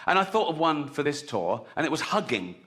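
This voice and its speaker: A man's voice: very animated, brisk, fairly bright tone. English male comedian, conversational stand-up in a theatre, long hall reverb. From England. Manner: conversational, keeps adding "right?", bursts into high laughing voices. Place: large theatre stage. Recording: live hall with audience.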